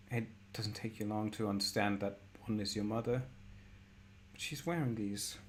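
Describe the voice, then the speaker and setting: A man narrating a horror tabletop game as game master, in a measured, descriptive way. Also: on the low side, a little hiss or hum.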